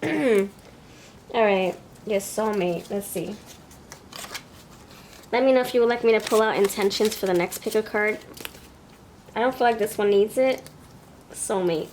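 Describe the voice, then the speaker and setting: New york lady doing a tarot pick a card reading, chatty, mid pitch, little bit of background hiss. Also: darkish tone. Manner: chatty, thinks aloud, laughs often. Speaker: tarot reader.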